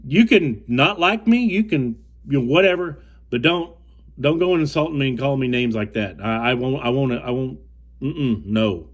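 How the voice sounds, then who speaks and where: A young man from the United States tells a fishing story in a casual, rambling way. He restarts and repeats himself often, and his tone stays firm and indignant, at an ordinary mid pitch. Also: moderate pace. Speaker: fishing co-angler telling a story.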